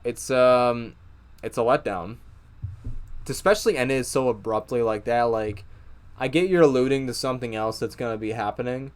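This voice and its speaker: A man's voice: mid-range voice, normal speed, clean tone. A young man giving a casual, profane, exasperated review of a TV episode, with many fillers and restarts. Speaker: TV show reviewer.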